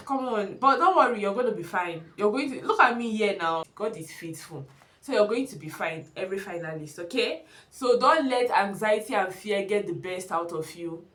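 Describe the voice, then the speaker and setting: A woman's voice: medium pitch, a bit bright. A young woman giving earnest, emphatic advice straight to her viewers in a casual vlog. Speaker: vlogger. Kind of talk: casual advice talk to camera. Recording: echoey room.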